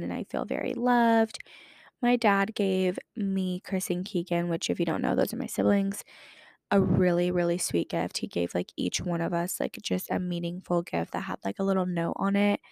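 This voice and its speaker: Her lowish voice is gravelly and darkish, recorded with clean studio sound and no echo. A woman in her twenties, she hosts a casual podcast chat, sprinkling "like" throughout while coping with a lingering cough.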